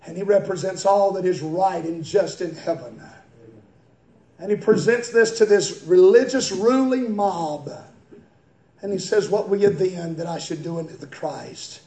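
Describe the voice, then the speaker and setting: A male pastor preaching a fiery sermon in a church, swinging from quiet, slow reading to high, shouted preaching. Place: church sanctuary. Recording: echoey church room.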